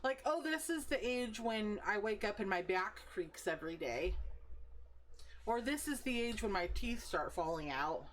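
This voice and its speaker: A talkative woman in her thirties streams live, rambling, cursing casually and laughing as she replies to chat. Her voice sits at an ordinary middle pitch. A faint hiss of background noise runs under it. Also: lively intonation, moderate pace. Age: 30s. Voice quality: profane, rambling, laughs often.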